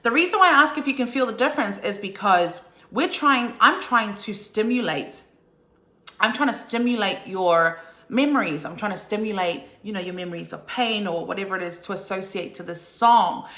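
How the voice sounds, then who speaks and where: Bright, upbeat woman teaching singing. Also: medium pitch, animated, moderate pace, echoey room. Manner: upbeat, checks in with "okay?" and "right?". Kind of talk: live online singing lesson.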